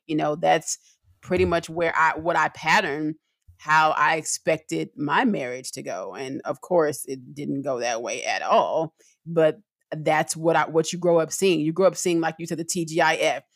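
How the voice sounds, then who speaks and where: A middle-aged woman co-hosting a podcast in casual conversation, expressive, with her voice rising when she gets excited. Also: deep voice, moderate pace, vocal fry, dry recording, studio quality. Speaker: podcast co-host.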